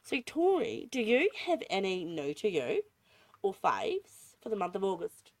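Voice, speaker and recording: A woman's voice: medium pitch, huge pitch swings, a little slow. A woman hosting a podcast in casual chat, giggly and rambling. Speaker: podcast host.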